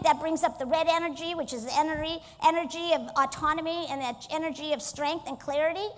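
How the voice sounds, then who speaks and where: Woman motivational speaker, high voice, energetic keynote in a reverberant hall. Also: quick pace, few pauses. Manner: energetic, coaxes the audience to join in. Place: stage in a large hall.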